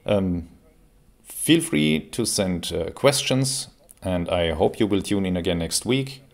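Creaky low-voiced man. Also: takes it slowly. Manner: relaxed, explanatory, with frequent fillers. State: recovering from a cold. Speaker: airgun reviewer. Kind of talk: casual product review. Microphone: camera mic while seated.

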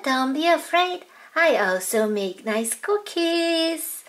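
A woman's voice: high voice, lively intonation, slow. A woman voicing dolls in a toy-play video, in a childlike, sing-song way. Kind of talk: toy play with doll voices.

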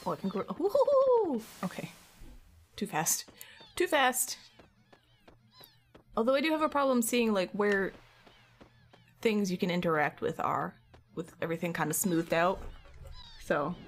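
A woman's voice: medium pitch, very animated, moderate pace. A woman streamer chatting casually and rambling while playing a game. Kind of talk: casual gameplay chat.

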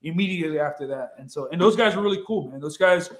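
A man telling a casual story as a podcast guest, excitable, swearing freely and repeating himself as he goes. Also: fairly high pitch, fast talker. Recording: roomy echo.

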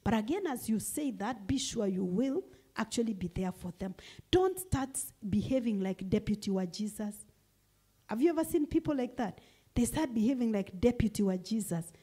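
A woman's voice: on the high side, lively intonation, moderate pace, warm tone, slightly rough. A woman with a Kenyan accent preaching a sermon in church, emphatic and repeating her key phrases. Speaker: guest preacher.

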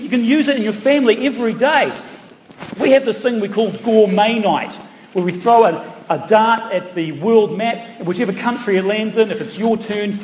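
A man's voice: high-pitched, slight background noise. New Zealand man doing stand-up in a hall. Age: middle-aged. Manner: chatty storytelling, playful asides to the crowd. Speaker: stand-up comedian. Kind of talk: stand-up comedy set. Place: large town hall stage. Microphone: stage mic through PA. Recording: echoey hall from a distance. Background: audience laughter.

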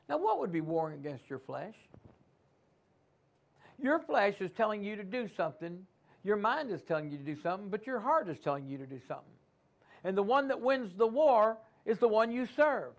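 A man's voice: high-pitched, animated, normal speed. A man preaching a sermon in a church, calling out to his congregation and acting out the inner voices of doubt. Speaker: pastor.

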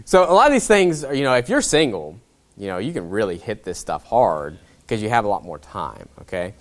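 Pastor preaching casual, voice jumps way up n down, keeps saying okay. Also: male voice, big pitch swings, normal speed. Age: young adult to middle-aged. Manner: conversational preaching, wide swings in pitch and loudness, frequent "okay?". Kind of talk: sermon.

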